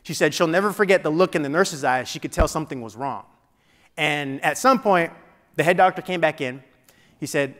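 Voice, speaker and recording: A man with a slightly high voice tells a personal story as a keynote speaker. He talks in a loose, conversational way, restarting sentences and dropping in filler phrases. His voice rings out with the long reverb of a large meeting hall. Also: fairly quick, a bit bright. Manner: conversational, with frequent "you know" and restarts. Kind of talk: motivational storytelling speech.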